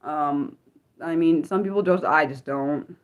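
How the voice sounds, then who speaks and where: A woman's voice: deep voice, unhurried, lo-fi sound. A woman hosting an unscripted livestream, rambling casually with many fillers and restarts as she answers her chat. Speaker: livestream host.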